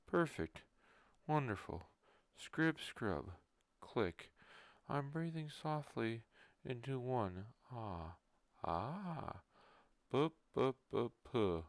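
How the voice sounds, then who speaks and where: A man voicing a creepy male ear-cleaner who pulls bugs out of ears. It is a whispered role-play, and he says the sound effects aloud in a hushed voice. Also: medium pitch, sing-song, drawn-out words, dry recording, exaggerated voice.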